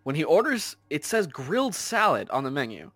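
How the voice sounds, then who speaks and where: A man's voice: a little high, huge pitch swings, moderate pace, fairly bright tone, dry recording. A man co-hosting a casual, profane chat, retelling a story with insistent, exasperated energy.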